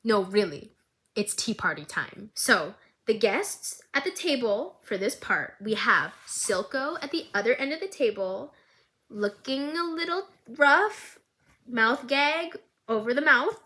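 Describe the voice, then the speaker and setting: A young adult woman recapping a show in a casual, animated way, laughing often. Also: fairly high pitch, measured pace. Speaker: recap vlogger.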